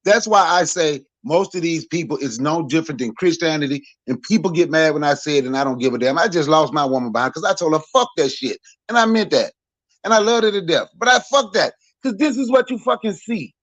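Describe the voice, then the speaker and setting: A man's voice: on the high side, animated, fast talker, fairly bright tone, no room sound. A man in his forties speaking as a podcast panelist in a blunt, profane, heated rant.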